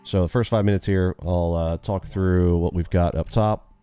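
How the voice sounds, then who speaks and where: A man's voice: deep voice, fairly even intonation, moderate pace, mellow, clean tone, soft background music. A man live-streaming his day trading, upbeat and quizzing his viewers with catchphrases.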